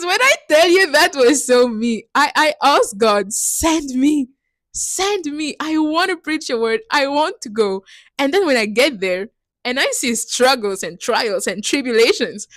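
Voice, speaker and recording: A woman's voice: high-pitched, expressive, unhurried, a bit bright, dry recording. A young woman giving an earnest, emotional personal faith testimony, often laughing between lines. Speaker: missionary sharing testimony.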